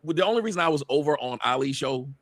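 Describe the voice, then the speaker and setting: A man talking fast on a casual panel show, arguing his side with a lot of swearing. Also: fairly high pitch, expressive, vocal fry, fairly bright tone, no echo.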